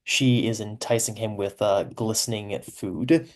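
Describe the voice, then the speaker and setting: A man's voice: on the low side, a little slow. A man giving casual commentary on his own story, chatty and amused, laughing often and explaining as he goes.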